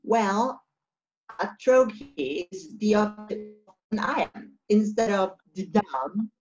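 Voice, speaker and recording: A woman's voice: mid-range voice, slow pace, darkish tone. A woman playing one of the weird sisters, a witch who explains things plainly, on a dull lo-fi recording with faint music behind. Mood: matter-of-fact.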